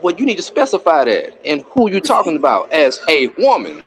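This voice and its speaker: A man speaks as a guest on a livestream panel, with a lively voice that rises and falls widely. He argues and lectures, pushing each point back at the host. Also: on the high side, fairly quick, crowd noise. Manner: argumentative, lecturing. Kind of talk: livestream debate.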